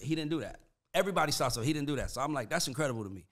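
A man's voice: on the high side, quick pace. A man hosting a casual chat, talking in a loose, profane and slangy way with lots of "like" and "dog". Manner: animated, profane, slangy storytelling with frequent "like" and "dog". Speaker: podcast host and manager of writers and producers.

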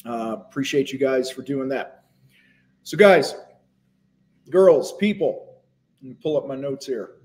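A man's voice: mid-range voice, lively intonation, a little slow, long pauses, darkish tone. A man hosting a live stream about selling, talking casually and loosely with many fillers and restarts, and eating as he talks at times. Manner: talks with his mouth full at times. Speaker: host of a live business show. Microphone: phone.

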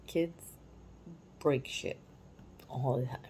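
A woman in her forties telling a personal parenting story in a candid, reflective way, sometimes dropping to a soft hush. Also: extremely low pitch, steady tone, slow, slight background noise, low-quality recording. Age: 40s. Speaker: parenting vlogger.

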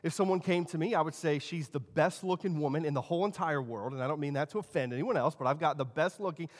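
A man in his thirties preaching a sermon as pastor, telling stories and shifting between quiet asides and loud emphasis. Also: a little high, fast talker. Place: church sanctuary. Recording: long church hall reverb.

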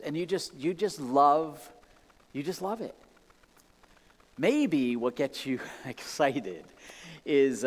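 A man preaching a sermon in a conversational, animated way, acting out excited exclamations. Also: medium pitch, big-room sound. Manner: animated, conversational, many restarts and acted-out exclamations. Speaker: pastor. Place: church sanctuary.

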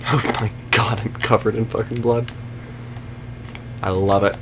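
A man with a lowish voice streams a video game over a noisy background, keeping a level tone and measured pace. He swears, sarcastically taunts the enemies on screen, and chats with his viewers as he gives live gameplay commentary.

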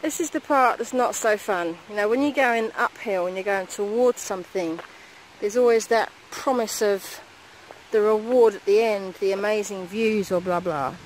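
A woman talking through a hiking vlog into a handheld phone camera on a mountain trail. She is chatty and excitable and swears freely. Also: mid-range voice, normal speed, a little hiss or hum, rough recording. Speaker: vlogger.

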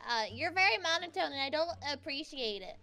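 A performer voicing an annoyed female chicken animatronic cook, complaining in a shrill, exasperated way. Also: animated, fairly quick, vocal fry, bright, forceful tone, heavily acted. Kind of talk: Minecraft roleplay acting.

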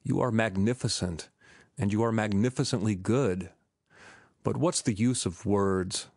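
A man reading the part of a young former sailor who speaks gently and firmly, in measured audiobook dialogue. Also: fairly low pitch, dry recording, clean studio sound. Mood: gentle.

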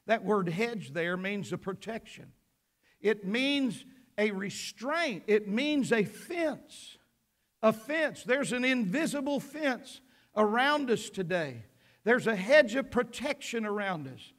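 A man preaches to his church in a notably high voice. He takes his time and leans on each phrase. His fervour keeps climbing until he is shouting. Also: animated, slow pace. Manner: fervent preaching that builds to shouts. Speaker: pastor. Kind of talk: sermon. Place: church sanctuary.

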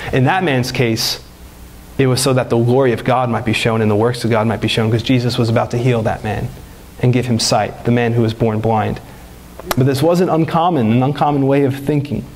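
A man's voice: fairly high pitch, a little mellow. A man preaching a sermon as pastor, earnest, his voice climbing when he presses a point. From United States.

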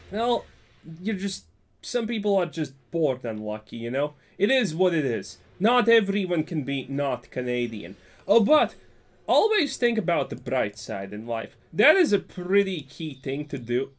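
A young man giving joking, sarcastic gameplay commentary for his channel. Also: high voice. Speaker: gaming YouTuber.

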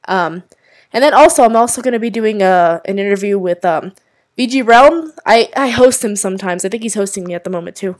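A woman's voice: medium pitch, a little fast. A young woman commenting casually on a game stream, chatty and jumpy, with lots of "um"s and swearing at the scares. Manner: chatty, with frequent "um"s, swearing and startled exclamations.

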